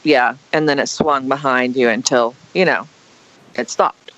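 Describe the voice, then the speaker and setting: A woman's voice: rumbling low, unhurried. Dramatic woman telling a spooky story. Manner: dramatic, animated retelling with acted quotes. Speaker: podcast guest. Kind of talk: casual storytelling. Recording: dull lo-fi podcast audio.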